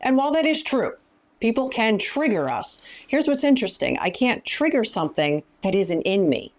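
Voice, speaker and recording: A woman's voice: a little high, big pitch swings, normal speed. A woman counselor and minister teaching in an interview, speaking emphatically and giving practical advice. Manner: emphatic, often acting out quoted lines.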